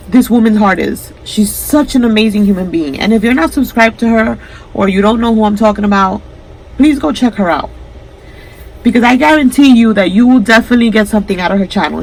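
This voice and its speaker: A woman's voice: mid-range voice, low-quality recording. Emotional woman thanking her viewers. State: close to tears. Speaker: crafting channel host. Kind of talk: casual vlog to camera.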